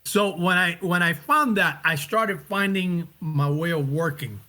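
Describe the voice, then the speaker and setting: Reflective man, slightly high voice. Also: measured pace, sharp tone. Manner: reflective, searching for words, restarts. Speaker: actor and director, guest. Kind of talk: casual interview talk.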